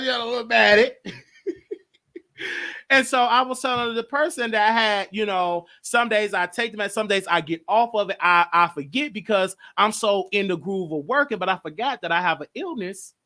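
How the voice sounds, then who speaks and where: A male show host speaking in a high voice with a bright, forward tone. He rambles and circles back on the same words, and he talks openly and emotionally about his own mental health. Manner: emotional, rambling, repeats himself. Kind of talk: casual monologue.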